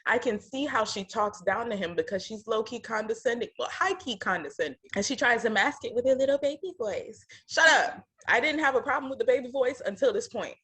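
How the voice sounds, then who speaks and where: A woman's voice: on the high side, lively intonation, brisk, hardly any pauses, fairly bright tone, slightly rough. A woman co-hosting a reaction show, chatting casually and giving outspoken, slang-heavy opinions. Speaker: co-host of a reality TV reaction show. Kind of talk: casual chat reacting to a TV episode.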